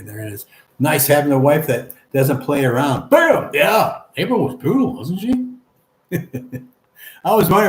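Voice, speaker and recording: Guy doing a chill livestream, reading the chat out loud, kinda echoey room, a little background hum. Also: mid-range voice. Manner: reads comments aloud and chuckles along, chatty and encouraging.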